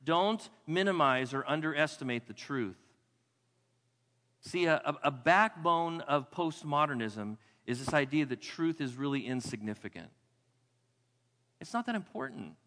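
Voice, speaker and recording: A male pastor preaching a sermon in a church with emphatic delivery, repeating key phrases and dropping to a hush for weight. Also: a little high, lively intonation, measured pace. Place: church sanctuary. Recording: long hall reverb.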